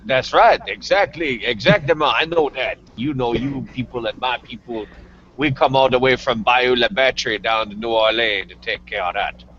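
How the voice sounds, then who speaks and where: A man's voice: mid-range voice, normal speed, fairly bright tone, a little hiss or hum, close to an everyday voice. Folksy Cajun cook, easygoing drawl, muffled lo-fi recording, put on by a man. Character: folksy Cajun cook bragging about his food.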